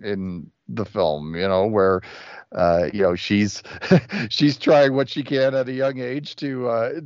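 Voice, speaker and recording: A man's voice: medium pitch, darkish tone, dry recording. A man appearing as a guest on a film podcast, chatting in an easygoing way and laughing often. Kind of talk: casual film discussion. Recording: dry, dull lo-fi podcast audio.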